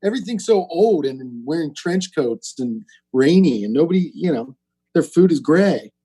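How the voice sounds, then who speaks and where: A man's voice: fairly high pitch, normal speed, husky. A man telling rambling jokes in casual comedic banter, swearing freely. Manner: rambling, animated, swearing, jumps into mock voices.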